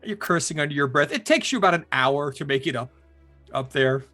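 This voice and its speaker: A man narrating as dungeon master in a tabletop game, halting and restarting his sentences. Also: fairly high pitch, animated, sharp tone, soft background music.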